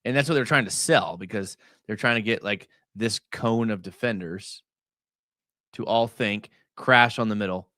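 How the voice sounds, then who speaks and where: A young man hosting a casual live stream. He breaks down game film in a chatty way, full of fillers, and gets excited as he talks. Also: fairly low pitch, normal speed, no room sound, clean studio sound.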